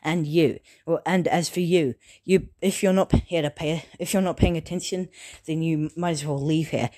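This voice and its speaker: A woman's voice: sits low, fairly even intonation, normal speed, dark tone, close to an everyday voice. A woman doing a stern, scolding teenage boy. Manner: indignant and scolding. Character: stern, rule-bound teenage boy class representative.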